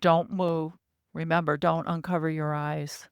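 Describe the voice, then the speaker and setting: A woman voicing a calm guardian being. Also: low-pitched, unhurried, creaky, smooth, no echo, dull audio. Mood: commanding. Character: calm commanding guardian being giving instructions.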